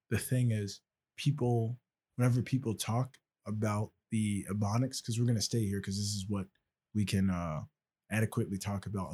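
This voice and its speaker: Husky man explaining, tag questions. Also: fairly low pitch, warm tone. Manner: explanatory, constantly checks in with "right?". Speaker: podcast host. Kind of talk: casual conversational podcast talk.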